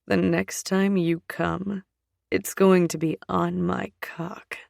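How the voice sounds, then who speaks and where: Lady doing a low murmury seductive guy in an audiobook, gravelly, dry close sound. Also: little pitch movement, slow, a little mellow, no echo, exaggerated voice. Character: commanding seductive adult male lover.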